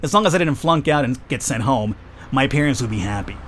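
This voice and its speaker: Man, let's play host, reads game text aloud, jokey self-mocking asides, medium pitch. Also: animated, a little fast, a bit bright, slight background noise. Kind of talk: reading a visual novel aloud with jokey asides.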